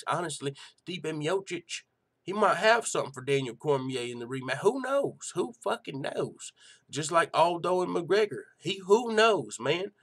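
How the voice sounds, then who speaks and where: A man hosting a casual live-stream show and reading out chat, talking in a profane, excitable way full of rhetorical questions. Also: medium pitch.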